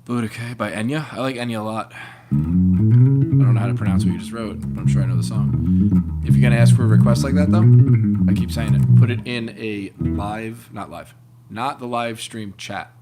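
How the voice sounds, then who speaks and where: A man's voice: animated, moderate pace, over loud music. A man in his late thirties hosting a live stream, chatting casually in a rambling, laid-back way with plenty of swearing. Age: 30s. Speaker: livestream host, bassist. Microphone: open-air room mic. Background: loud bass playing.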